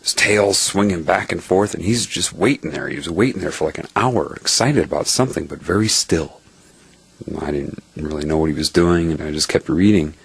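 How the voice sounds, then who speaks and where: A man earnestly telling a personal story in a reflective, spiritual way, pausing to stress key words. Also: rumbling low, vocal fry, slightly rough.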